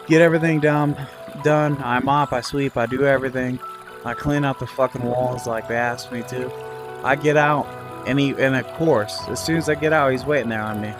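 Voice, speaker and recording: A man telling a story about his job in a casual, rambling way, full of fillers and swearing. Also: mid-range voice. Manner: rambling, frequent fillers and profanity. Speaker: vlogger recounting a work dispute.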